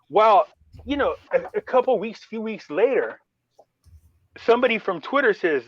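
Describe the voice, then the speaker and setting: A man's voice: high-pitched, lively intonation, moderate pace, long pauses, no room sound, lo-fi sound. A man chatting casually as host, rambling through a story and acting out what others said. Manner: rambling storyteller, acts out quoted dialogue. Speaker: show host. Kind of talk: casual chat.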